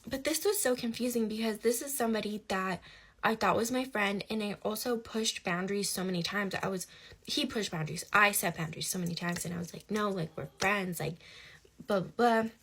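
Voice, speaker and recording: Young woman, casual storytime, emphatic, rhetorical asides, mid pitch. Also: a little fast, fairly bright tone, husky. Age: young adult.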